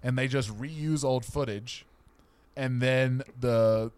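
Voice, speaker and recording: A young man telling a playful made-up story to his podcast co-host. His voice sits at an ordinary middle pitch and is recorded dry and close, with no room sound. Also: steady tone, slow pace, darkish tone, smooth, no room sound. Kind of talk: casual comedic chat.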